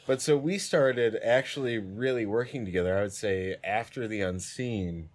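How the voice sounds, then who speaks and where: A man's voice: lowish voice, normal speed. A man in his twenties, a music producer, telling stories in a loose, rambling podcast chat. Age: 20s. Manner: loose, rambling storytelling full of "like".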